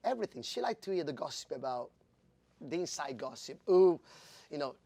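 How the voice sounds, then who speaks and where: A man in his fifties from Italy, a jockey telling stories in an interview, animated and laughing, acting out quoted voices. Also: on the high side, brisk, gravelly. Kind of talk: storytelling in an interview.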